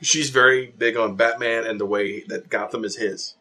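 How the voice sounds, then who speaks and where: A man co-hosting a casual movie chat, animated and opinionated, telling stories with jokes. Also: mid-range voice, moderate pace. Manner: animated storyteller, jokey and opinionated. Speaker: podcast co-host.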